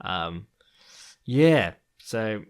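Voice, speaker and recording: A man's voice: lowish voice, sing-song, extremely slow, clear, resonant tone. A man chats loosely through his podcast commentary, full of ums and restarts. He swears freely and laughs now and then as he rambles on. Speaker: podcast host.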